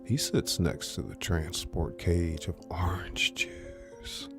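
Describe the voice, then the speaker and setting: A man reading a story aloud in a soft, unvoiced whisper, as whispered role-play. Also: low voice, slow, vocal fry, over music. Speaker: narrator, reader.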